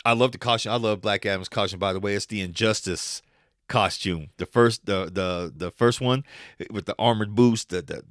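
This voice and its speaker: A man's voice: on the low side, normal speed, a bit bright, dry recording, studio quality. A man co-hosting a casual podcast chat, rambling with restarts and mimicking others' lines. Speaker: podcast co-host.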